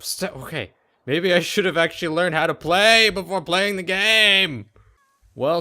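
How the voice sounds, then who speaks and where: A man's voice: mid-range voice, fairly bright tone. A man giving joking, rambling commentary on a life-sim game, talking to the characters. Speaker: let's play host. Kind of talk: casual gameplay commentary.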